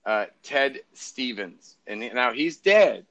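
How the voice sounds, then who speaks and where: A man talking loosely on a podcast, rambling and sarcastic, with plenty of swearing. His voice is bright and forward, recorded dry and close. The sound is a little dull and lo-fi. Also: medium pitch, sing-song, slow, no echo. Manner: rambling, sarcastic, profane, many fillers and restarts. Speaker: podcast co-host. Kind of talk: casual political chat.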